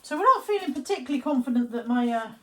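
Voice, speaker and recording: In a rapid-fire, sharp, expressive high-pitched voice, an English woman vlogs from her home kitchen. Her daily chat to camera is casual and self-mocking, and she often lowers her voice to nearly a whisper.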